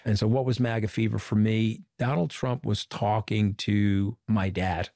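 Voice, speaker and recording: A middle-aged man from Long Island, giving an interview as a former communications director and telling animated stories with quoted dialogue. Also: fairly low pitch, unhurried, no echo, clean studio sound. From Long Island, New York. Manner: animated storyteller who quotes people in dialogue. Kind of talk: conversational storytelling interview.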